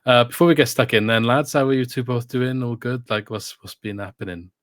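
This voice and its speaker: A man's voice: medium pitch, steady tone, fairly quick, a bit bright, no echo. A man hosting a casual podcast over a video call, chatty and steering the talk with questions. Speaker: podcast host.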